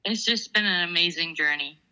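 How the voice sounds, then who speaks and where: A woman's voice: on the low side, fairly quick, sharp tone, clean tone, rough recording. A woman who researches and writes for a podcast, speaking earnestly and sincerely. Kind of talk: casual podcast chat.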